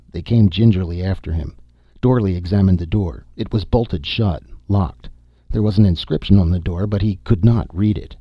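Deep, husky man narrating a story. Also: moderate pace, dry recording, lo-fi sound. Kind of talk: scripted audiobook narration.

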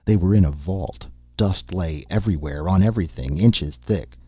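Deep, husky man narrating a story. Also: moderate pace, no room sound, lo-fi sound, faint music behind. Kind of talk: scripted audiobook narration.

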